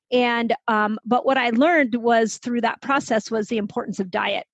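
A woman in her fifties, a health expert guest, telling her own story in a lively conversational way and acting out the voices of people she quotes. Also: fairly high pitch, no room sound, dull audio. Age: 50s. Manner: animated, quick to act out quoted voices.

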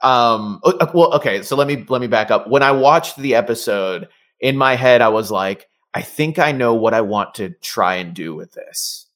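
A man's voice: medium pitch, expressive, moderate pace, a bit bright. A man, a voice actor, chatting casually as an interview guest with many fillers and restarts.

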